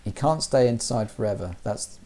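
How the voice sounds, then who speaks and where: A man's voice: mid-range voice, expressive, normal speed, warm tone. A man doing jokey, chatty let's-play commentary as a gaming streamer. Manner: jokey, chatty, mild slang.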